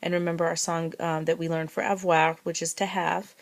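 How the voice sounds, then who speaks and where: A woman gives a recorded lesson in a patient, methodical way. Her voice sits a little low. She repeats each phrase slowly and spells words out letter by letter. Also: level tone. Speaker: French teacher.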